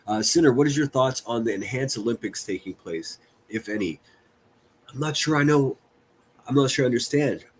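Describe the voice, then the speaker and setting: A man's voice: medium pitch, expressive, moderate pace, a little hiss or hum. Crude, mocking male stream host. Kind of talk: livestream reaction commentary.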